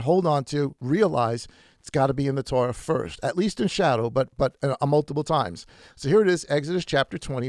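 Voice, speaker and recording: Animated preaching man, lively pitch. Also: gravelly, no echo, clean studio sound. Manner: animated, emphatic preaching with stretched words and quick asides. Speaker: pastor. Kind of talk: sermon. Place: church.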